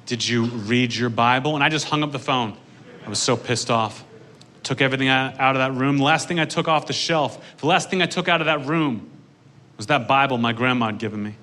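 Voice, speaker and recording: Bright-voiced deadpan stand-up comedian. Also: male voice, mid-range voice, a little fast, slight background noise. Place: comedy stage.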